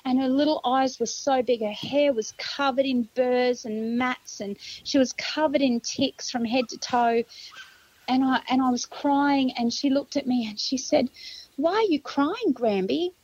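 A middle-aged Australian woman, a grandmother, vividly retelling a tense search in an interview and acting out her own shouts and thoughts. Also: sits high, fairly even intonation, measured pace. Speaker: grandmother of a found child. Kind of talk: emotional interview storytelling. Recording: dull lo-fi sound.

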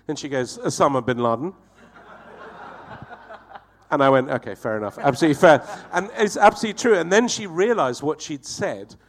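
Guy telling a funny story, swears a lot, does all the voices. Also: medium pitch. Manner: profane, animated storytelling with acted-out voices. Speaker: guest storyteller. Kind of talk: comic anecdote on a talk show.

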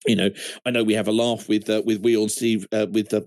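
A man's voice: fairly low pitch, steady tone, quick pace, creaky, a little mellow, no room sound. A man hosting a fan podcast, reading listener messages aloud with wry, chatty asides and plenty of self-interruptions. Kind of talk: casual chat.

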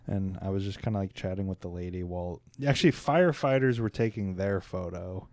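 Low, mellow-voiced man, wry and rambling. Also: brisk, dry recording. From Kansas City, USA. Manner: rambling, wry and irreverent storytelling. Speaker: podcast co-host. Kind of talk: casual podcast chat.

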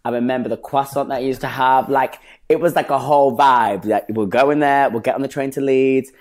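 A young man, a guest telling stories in a casual interview, animated and quick to act out what people said. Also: medium pitch. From northern England. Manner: animated, acts out quoted voices, laughs often. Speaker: guest, stage performer.

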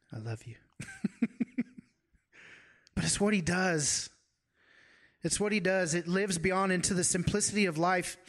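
A man with a somewhat higher voice delivers a sermon. His manner is conversational rather than grand. He leans on rhetorical questions as he feels his way toward his point. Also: fairly bright tone. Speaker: pastor.

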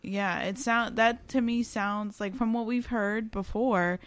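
A woman co-hosts a podcast from home with the windows open, telling stories casually and chattily and laughing often. Her voice is a little high and a little slow, with fairly even intonation and no room sound.

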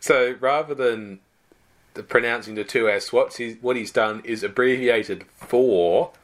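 Man explaining at length. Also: medium pitch. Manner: measured, explanatory, with small stammers. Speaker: podcast co-host. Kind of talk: casual chat.

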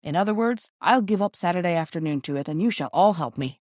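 Cheerful brisk Victorian father, read by a woman. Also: fairly low pitch, lively intonation, darkish tone, no room sound, studio quality.

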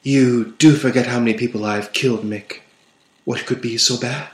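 A man's voice: mid-range voice, steady tone, moderate pace, roomy sound, natural voice. A man voicing a tough, weary young woman warrior who talks bluntly in an audiobook-style story reading.

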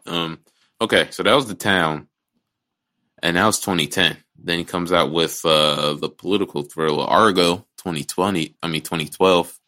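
A low-pitched man co-hosts a laid-back movie podcast, his voice bright and forceful. He rambles, restarts his sentences and swears freely as he gives his opinions. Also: moderate pace. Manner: rambling, restarts a lot, blunt and profane. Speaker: podcast co-host. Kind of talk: casual movie chat.

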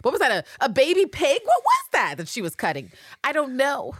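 A woman's voice: sits high, fairly quick, dry recording, studio quality. A woman co-hosting a podcast, chatting casually and acting out scenes with lots of swearing. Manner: animated, swears, acts out characters in quotes. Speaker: podcast co-host. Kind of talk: casual recap chat.

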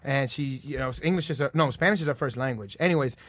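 A man's voice: mid-range voice, fast talker, a bit bright, no echo. A man on a casual podcast, telling crude joking stories with his friends. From New York. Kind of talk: casual comedic chat.

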